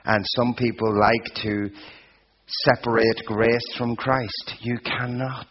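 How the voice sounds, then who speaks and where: A man preaching a sermon, slow and emphatic, building repeated phrases to a peak. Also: medium pitch, steady tone, a little hiss or hum. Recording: dull lo-fi sound.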